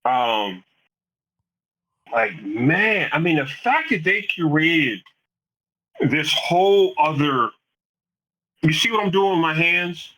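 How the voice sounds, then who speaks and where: A man in casual chat reviewing a show, an animated storyteller who acts out quotes, with frequent restarts. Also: fairly high pitch, takes it slowly, long pauses, rough recording. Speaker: podcast co-host.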